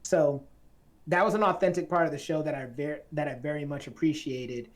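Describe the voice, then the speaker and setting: A woman from Atlanta, Georgia hosts a casual film discussion podcast, chatting playfully. Her voice is deep and steady, and she speaks fairly quickly.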